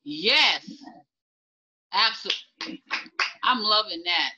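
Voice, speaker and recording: A woman's voice: mid-range voice, animated, takes it slowly, long pauses, sharp tone. A woman hosting an interview over a video call, heaping praise and repeating herself enthusiastically. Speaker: interview host. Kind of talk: warm, effusive interviewing. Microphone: laptop on a video call. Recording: muffled video call audio.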